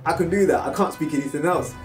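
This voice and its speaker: A man's voice: on the high side, fast, faint music behind. Chatty British man, distant mic. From United Kingdom. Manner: chatty and animated, slips into loud film impressions. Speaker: vlogger. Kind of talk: casual storytelling.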